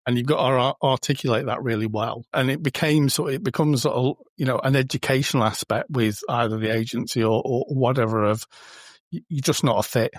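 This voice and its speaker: Man, podcast guest, chatty and informal, mid-pitched voice, dry close sound. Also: a little fast, no room sound. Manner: chatty, informal, acts out little quoted exchanges. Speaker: podcast guest, booking company co-founder. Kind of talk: casual conversational interview.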